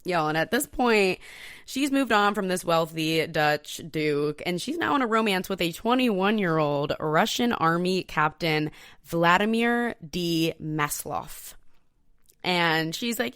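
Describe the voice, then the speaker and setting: A woman hosting a podcast, telling a history story in a casual, profane, animated way and talking straight to her listeners. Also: fairly low pitch, slow, clean tone, dry recording, clean studio sound. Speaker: podcast host.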